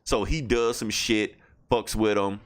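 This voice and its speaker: A man's voice: fairly low pitch, fairly even intonation, a little slow, clear, resonant tone. A man hosting a podcast who casually retells a story, rambling and swearing freely. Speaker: podcast host. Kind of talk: casual chat.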